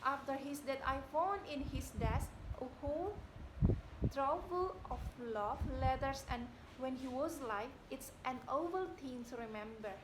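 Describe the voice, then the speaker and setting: A young woman playing a proud young widow in an amateur stage reading, speaking in a declamatory way that climbs to indignant shouting. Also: high-pitched, unhurried, background noise. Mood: bitter grief. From Indonesia. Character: proud young widow, haughty and quick to anger. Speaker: student actor. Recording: echoey room.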